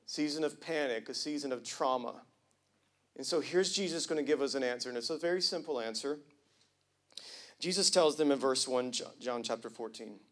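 A male pastor preaching a sermon with casual slang, swinging from hushed to loud and emphatic. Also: on the high side. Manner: casual slang, jokes with the congregation.

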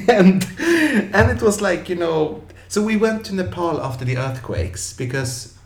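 A professional clown telling lively stories in an interview, acting out scenes with yelps and funny voices. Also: male voice, high voice, takes it slowly, vocal fry. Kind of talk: animated storytelling in an interview. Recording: echoey room.

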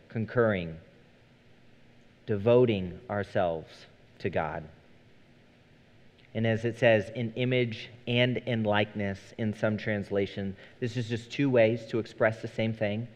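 A pastor in his thirties preaches to his congregation, moving between easy, conversational family stories and earnest points of scripture. His mid-pitched voice carries a long reverb from the sanctuary around him. The recording itself is somewhat dull and muffled. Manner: conversational, animated storytelling. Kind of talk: sermon. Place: church sanctuary.

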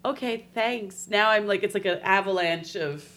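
A woman co-hosting a local podcast, chatting casually and telling jokes with animated delivery. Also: medium pitch, brisk. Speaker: podcast co-host. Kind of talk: casual chat.

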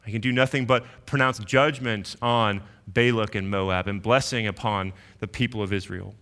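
A man's voice: medium pitch, sharp tone. A man preaching an expository sermon in an earnest teaching tone, often repeating words as he thinks.

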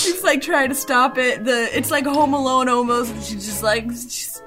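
A woman's voice: high-pitched, normal speed, hardly any pauses, music in the background. Rambling, swearing young woman. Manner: rambling, swearing, self-interrupting, giggly. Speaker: podcast co-host. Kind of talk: casual chat, film recap.

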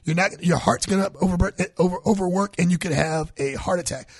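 A man's voice: sits high, fast talker, breathy edge, no echo. A man co-hosting a health talk show, chatting casually and acting out quotes as he tells stories. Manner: animated storyteller, acts out quotes. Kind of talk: casual chat.

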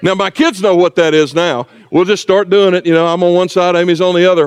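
A man's voice: high-pitched, steady tone, brisk, hardly any pauses, clear, resonant tone. A middle-aged man, preaching a sermon in a church in a conversational way with joking asides. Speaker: pastor. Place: church sanctuary.

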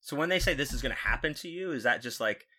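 A man's voice: mid-range voice, expressive, quick pace, pushed and bright. A man in casual chat, teasing and joking as he listens.

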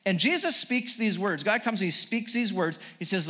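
High-voiced earnest male pastor preaching. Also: lively intonation, moderate pace, bright, forceful tone, slightly rough, big-room sound. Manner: earnest, repetitive restarts, building emphasis. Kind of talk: sermon.

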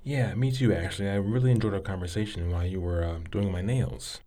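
A plain, good-natured fellow, acted by a man, with a very low, mellow voice. He chats in a gentle, folksy way and is quick to pay a compliment. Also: fairly even intonation, natural voice. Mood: friendly. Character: friendly, folksy man called Nubbin, plain and humble.

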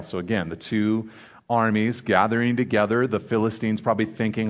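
A male preacher works through scripture in a Bible study. He reads in a measured voice, then explains in a casual, talkative way. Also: lowish voice. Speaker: Bible teacher.

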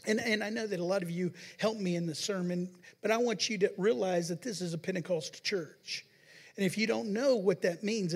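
A man preaching a sermon as pastor of a Pentecostal church, reading scripture dramatically, slowing down and building on the verses. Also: high-pitched. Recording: long church hall reverb.

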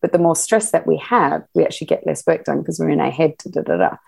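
Animated, low-voiced woman podcast guest. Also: fast, vocal fry, breathy edge. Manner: animated, laughs often, acts out quotes. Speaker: podcast guest, sex educator. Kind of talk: casual interview chat.

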